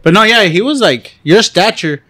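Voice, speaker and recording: A man co-hosting a casual podcast chat, easygoing and quick with short agreements. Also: high voice, expressive, pushed and bright.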